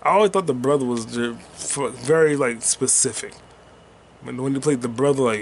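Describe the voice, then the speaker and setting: A man's voice: medium pitch, normal speed, slight background noise. A man hosting a rambling solo podcast while gaming, talking loosely and profanely with sing-song asides. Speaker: podcast host.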